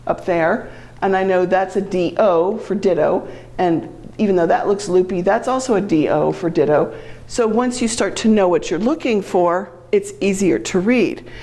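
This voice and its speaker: A woman's voice: medium pitch, a little mellow. Chatty woman presenter explaining to a class. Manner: chatty, explanatory, frequent ums and self-corrections. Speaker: genealogy presenter. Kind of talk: lecture to a class.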